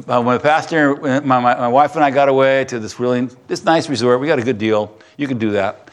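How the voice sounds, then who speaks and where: A middle-aged man, a pastor, preaching a sermon in a conversational, storytelling way, dropping to soft, hushed tones at tender moments. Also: mid-range voice.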